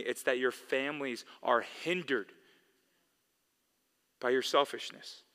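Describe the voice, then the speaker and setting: A man's voice: fairly high pitch, pushed and bright, clean tone. A man preaching a sermon as pastor, emphatic and repeating key phrases for weight. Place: church sanctuary. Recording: long echo of a big hall.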